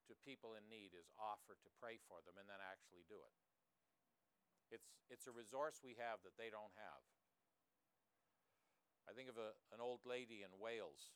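Earnest male preacher, smooth voice. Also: lowish voice, a bit bright, dry recording. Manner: earnest, with rhetorical tag questions. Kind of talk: sermon.

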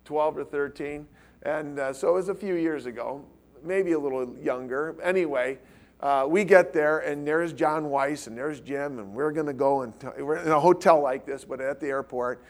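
A middle-aged man preaching to a live audience, telling a personal story and acting out the conversation with lively, quick quoted lines. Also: fairly high pitch. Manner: animated, acts out quoted dialogue. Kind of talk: storytelling sermon.

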